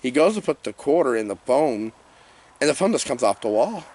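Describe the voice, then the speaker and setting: A man giving a comedic, rambling movie review rant in an animated, jokey way. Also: medium pitch, a little fast.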